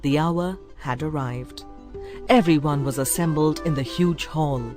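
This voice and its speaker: A woman narrating a folk tale in a clear, measured storybook reading. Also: low voice, over music. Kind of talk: scripted narration.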